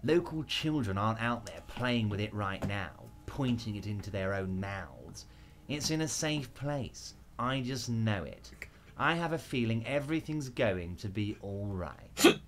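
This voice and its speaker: An actor playing a large, genial but scheming male union boss in a video game, talking in a smooth, reassuring, faintly condescending way. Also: fairly low pitch, lively intonation, measured pace, a little hiss or hum. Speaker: game character.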